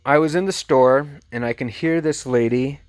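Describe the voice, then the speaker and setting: A man who resells thrift finds, telling a story casually and with lively energy. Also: mid-range voice, moderate pace, smooth. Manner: chatty, animated retelling with laughs.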